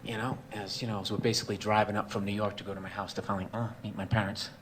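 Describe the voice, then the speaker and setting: A man's voice: fairly low pitch, flat delivery, rapid-fire, a bit bright, a little hiss or hum. A man telling a comedic personal story in a rambling, profane way, full of "like" and "you know".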